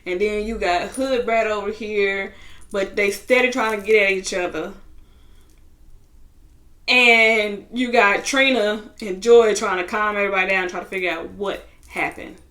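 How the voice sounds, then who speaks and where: A young woman in a casual vlog, retelling a reality show episode with lively, slangy asides. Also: mid-range voice, unhurried. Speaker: TV show reviewer.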